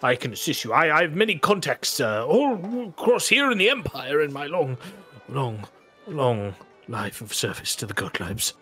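A man's voice: a little high, very animated, normal speed, sharp tone, faint music behind. A man doing a stammering, fretful old servant. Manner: stammering, fretful, profusely grateful. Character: flustered older male noble's servant.

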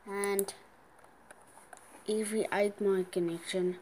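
A woman giving casual gameplay commentary, excitable, gasping and squealing at the game, with playful sing-song chanting. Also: medium pitch, takes it slowly, slight background noise.

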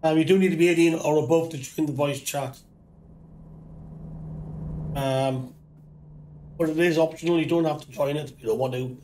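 A man with a Geordie accent hosting a casual game commentary, his voice croaky from flu, talking in a relaxed, rambling way with many ums. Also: on the high side, moderate pace, pauses often, a little hiss or hum. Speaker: gaming channel host.

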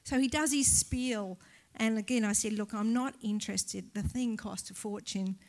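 Animated Australian woman pastor storytelling. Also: medium pitch, normal speed. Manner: animated storyteller, acts out dialogue, laughs often. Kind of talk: live church testimony storytelling.

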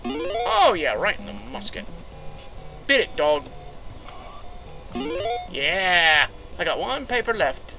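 A gaming commentator talking casually through retro games, excitable, yelping, laughing and cursing mildly at each mistake. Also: mid-range voice, slow pace, long pauses. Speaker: gameplay commentator. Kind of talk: casual let's-play commentary. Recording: game music playing behind.

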